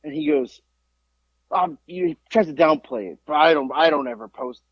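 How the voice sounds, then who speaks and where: A podcast co-host in his forties tells stories in casual chat, animatedly acting out quotes and swearing freely. His voice is on the high side at a normal pace, recorded dry with dull audio.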